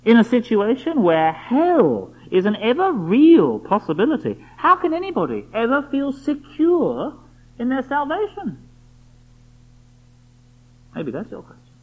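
A man's voice: very high-pitched, wildly swooping pitch, a little slow. A man preaching a sermon, emphatic and full of rhetorical questions aimed at the listener. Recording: dull lo-fi recording.

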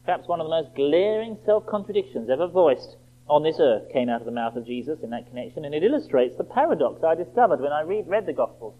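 A man preaching with a high, animated voice that rises and falls widely. He leans on rhetorical questions and reads scripture slowly and deliberately. The recording is thin and phone-like. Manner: emphatic, rhetorical questions, slow quoted scripture. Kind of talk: sermon. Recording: tinny phone-like band.

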